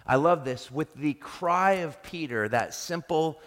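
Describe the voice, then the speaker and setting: A man's voice: a little high, animated, a little slow, a bit bright. Earnest male preacher in a reverberant hall. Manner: earnest, reflective preaching with restarts. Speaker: pastor. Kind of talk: sermon. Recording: long reverb of a large hall.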